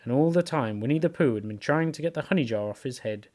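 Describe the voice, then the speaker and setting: A man reading a children's book aloud as the show's host, with expressive, lively storytelling. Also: mid-range voice, fast. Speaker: reader, show host.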